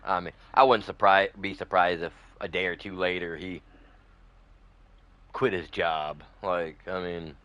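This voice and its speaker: In an unhurried, level tone, a low-voiced streamer from northern Michigan chats through a farming game, drifting loosely between stories. His delivery sounds pushed and bright, full of folksy slang and friendly asides to viewers. The lo-fi recording has no room sound.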